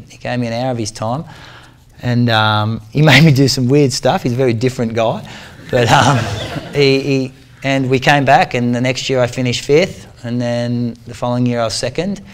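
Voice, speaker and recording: A man in his forties speaks to a club crowd, telling a story in a loose, slangy way. He jumps into the voices of the people in it and keeps it lively, with a voice of middle pitch. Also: slight background noise. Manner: animated, slangy storyteller who acts out the people in his stories. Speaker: guest speaker, triathlete. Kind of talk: storytelling talk to a club audience.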